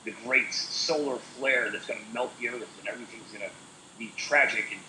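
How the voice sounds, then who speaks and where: A man's voice: mid-range voice, fairly quick, bright, forceful tone, roomy sound, slight background noise, low-quality recording. A man co-hosting a casual talk show, rambling with many fillers. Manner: rambling, full of "like" and "uh". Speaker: co-host. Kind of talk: casual chat.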